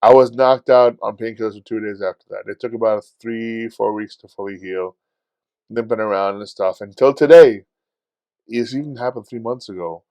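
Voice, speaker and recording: A man co-hosting a podcast in casual chat, telling stories in a profane, animated way and acting out his own shouting. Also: on the low side, normal speed, no echo. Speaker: podcast co-host.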